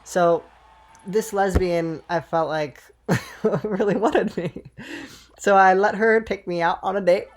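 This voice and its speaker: Swearing young man telling a storytime. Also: sits high. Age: 20s. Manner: swears freely and rambles with asides to viewers. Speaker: gaming storyteller. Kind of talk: casual storytime over gameplay.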